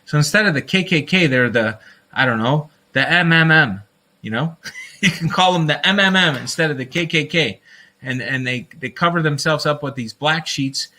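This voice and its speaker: A man's voice: on the high side, animated, moderate pace, bright, forceful tone. A man hosting a casual livestream, talking in a rambling, fired-up way, often breaking into laughter and calling his listeners folks. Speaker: livestream host.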